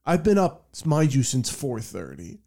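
A man's voice: mid-range voice, wildly swooping pitch, measured pace, gravelly, mellow. A young man, hosting a podcast and rambling through a profane story with laughs. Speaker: podcast host. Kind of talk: casual storytelling chat.

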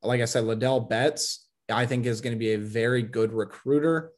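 Animated man talking college football. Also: medium pitch, moderate pace. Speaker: sports show co-host. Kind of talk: casual sports talk.

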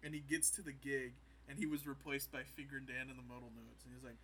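A man's voice: mid-range voice, steady tone, fast talker, sharp tone, slight background noise, poor audio. A man co-hosting a podcast, casually recapping an episode in rambling stories and acting out quotes. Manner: rambling storytelling, acts out quotes. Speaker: podcast co-host.

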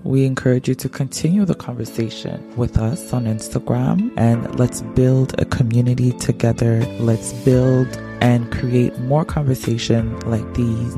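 A speaker reading a scripted podcast sign-off in an even manner. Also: medium pitch, creaky. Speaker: podcast outro voice. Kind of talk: scripted outro. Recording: voice over loud guitar music.

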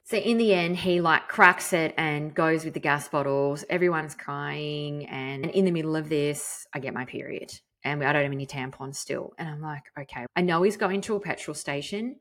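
A woman's voice: sits low, fairly bright tone. An Australian woman hosting a podcast, telling a personal story in a chatty, candid way with the odd casual swear. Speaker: podcast host.

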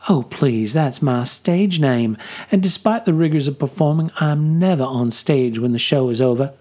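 Guy doing a sweet circus lady with a light southern lilt, soft teasing voice, a little husky. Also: medium pitch, normal speed, close to an everyday voice. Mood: gracious. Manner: soft, gracious, gently teasing. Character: graceful, warm young female circus performer.

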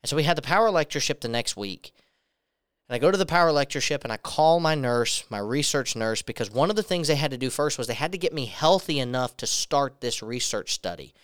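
Smooth-voiced young man preaching a testimony. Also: medium pitch, lively intonation, fast talker, a bit bright, dry recording, studio quality. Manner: earnest storytelling, acts out quoted dialogue. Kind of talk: personal testimony sermon.

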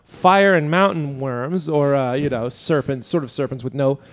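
A man's voice: medium pitch, steady tone, normal speed. A man co-hosting a casual comedy podcast, rambling with restarts and frequent laughter. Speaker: podcast co-host.

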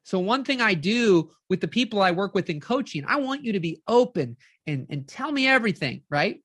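A woman life coach giving an energetic live-streamed motivational talk, keeps checking in with her audience and acts out inner voices. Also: medium pitch, a little fast, husky, no echo, clean studio sound.

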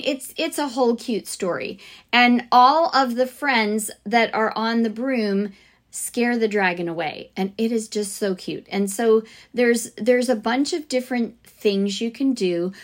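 A woman hosting a podcast for music teachers, talking casually and enthusiastically about lesson ideas, with plenty of fillers and restarts. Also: fairly high pitch. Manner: chatty, enthusiastic, chants rhythms and sings snippets.

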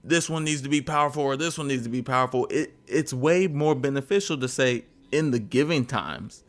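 A man's voice: medium pitch, fairly quick. A man co-hosting a podcast, musing in a reflective, casual way. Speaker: podcast co-host.

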